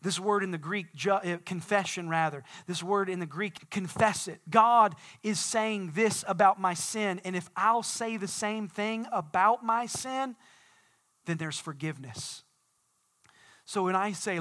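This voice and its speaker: A man preaching a sermon as pastor, swinging from quiet explanation to shouted declarations. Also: high voice, expressive, measured pace. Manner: dynamic preaching, swelling to shouts.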